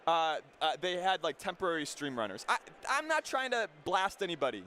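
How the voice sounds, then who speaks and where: A man's voice: sits high, very animated, sharp tone, slight background noise. A man doing casual commentary on a live stream, teasing his co-host and breaking down the players. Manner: teasing, quick banter, analytical about players. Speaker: esports commentator.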